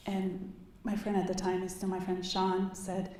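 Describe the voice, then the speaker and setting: A woman's voice: medium pitch, monotone, unhurried, hardly any pauses, a little mellow, slight background noise. A woman giving a keynote speech, telling a personal story with earnest, rising passion. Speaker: keynote speaker. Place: large conference hall. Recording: echoey hall, distant mic, faint ambience.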